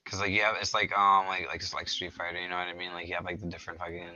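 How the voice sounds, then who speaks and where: A low-voiced man with a sharp, forceful edge talks slangy and swears freely, laughing between lines. The recording sounds slightly dull and dry. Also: level tone, very fast, no echo. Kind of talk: casual chat.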